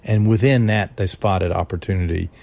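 A man's voice: sits low, moderate pace, vocal fry, dark tone. A man speaking as a historian in an interview, explaining in a conversational way with hesitations. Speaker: historian and author. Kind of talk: interview commentary.

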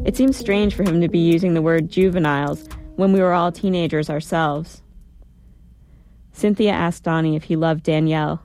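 A woman reading a first-person story aloud in a steady, even storytelling manner. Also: fairly low pitch.

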